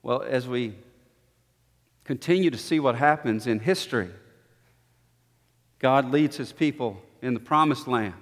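A man preaching a sermon as pastor, swinging between quiet, low-spoken passages and emphatic, raised declarations. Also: unhurried, pauses often. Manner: dynamic preaching, dropping to soft low tones and rising to emphatic. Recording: long reverb of a hall.

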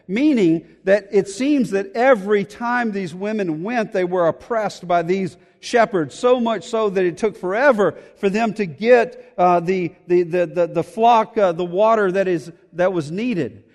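High-voiced man preaching in a hall. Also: a little mellow. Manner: earnest, repeats words when thinking aloud. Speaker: pastor. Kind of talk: expository sermon.

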